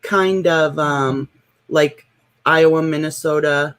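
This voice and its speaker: A woman's voice: low-pitched, slow pace, a bit bright. A woman with a Midwestern American accent, chatting in a dry, matter-of-fact way. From Southern United States. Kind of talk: casual chat.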